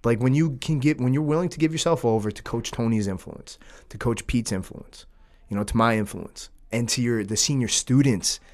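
A man who runs a jiu-jitsu school, hosting a casual podcast chat in an animated, loose way. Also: mid-range voice, fairly quick. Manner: animated, frequent 'dude' and 'like'.

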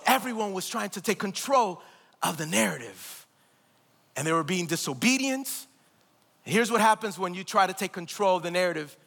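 High-voiced preacher, bright and ringing. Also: male voice, creaky. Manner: emphatic, calls on the congregation to repeat words; laughs and jokes between points. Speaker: pastor. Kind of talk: sermon. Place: large church hall, preaching live. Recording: long hall reverb.

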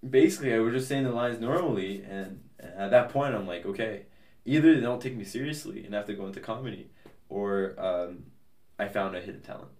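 A man's voice: on the low side, fairly quick, darkish tone, roomy sound, far from the mic. A young man as a podcast guest, chatting casually in a rambling, hesitant way with many fillers and restarts. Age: young adult. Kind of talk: casual interview chat.

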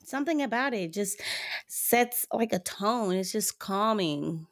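A woman's voice: mid-range voice, animated, a little slow. A young woman co-hosting a casual chat, teasing and playful, backing up her friend with easy banter. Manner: teasing, playful, supportive listener.

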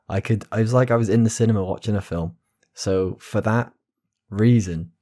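A man's voice: fairly low pitch, darkish tone. A man on a casual podcast, ribbing his friends in a mock-serious way and laughing as he goes. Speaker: podcast co-host. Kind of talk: casual banter among friends.

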